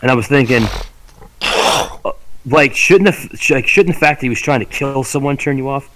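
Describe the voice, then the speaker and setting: A podcast co-host with a medium-pitched, fairly bright voice chats casually at a moderate pace, rambling, cursing and frequently laughing through his words. The recording is rough, with slight background noise.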